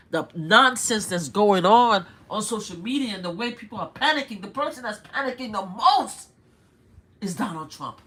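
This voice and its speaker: An older woman with a New York accent, hosting a live stream and giving blunt, animated political commentary full of rhetorical questions. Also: on the high side. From United States.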